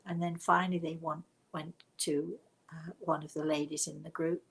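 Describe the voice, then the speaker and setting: An older woman with a British accent telling a story on a live show, in a hushed, dramatic way that often drops to a whisper. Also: low voice, little pitch movement, moderate pace, gravelly, husky, poor audio. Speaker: spiritual medium.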